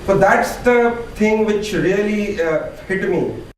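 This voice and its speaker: A man giving a halting, earnest personal account in an interview clip. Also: sits high. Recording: very echoey, distant, faint noise.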